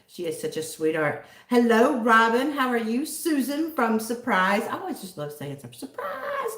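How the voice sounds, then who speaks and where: This Southern US woman hosts a livestream at normal speed, her high-leaning voice sing-song and a bit bright in a roomy space. She greets viewers by name, chatting casually and giggling.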